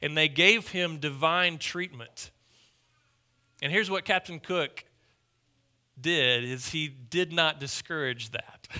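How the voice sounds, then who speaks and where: Pastor guy preaching, very bright sharp voice, kinda high, repeats lines for punch. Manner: emphatic, repetitive, swings between loud and hushed. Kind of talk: sermon.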